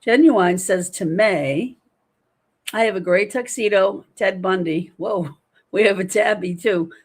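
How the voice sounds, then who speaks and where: A chatty woman in her fifties hosts a livestream from home. She talks in a casual, lively way, reading viewer comments aloud and answering them. Her voice sits at a middle pitch for a woman. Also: a little slow, husky. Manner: chatty, animated, reads chat aloud. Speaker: livestream host.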